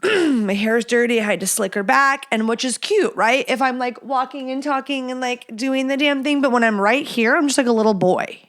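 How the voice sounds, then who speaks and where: A woman's voice: sits high, moderate pace, fairly bright tone. A woman in her thirties talks through a casual solo podcast from her home. Her talk is loose and rambling, full of self-mocking asides. Now and then she drops to a whisper. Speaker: podcast host.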